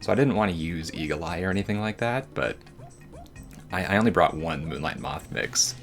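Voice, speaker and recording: A man's voice: sits low, moderate pace, soft background music. A man giving casual, rambling gameplay commentary as a voice-over, slangy and joking.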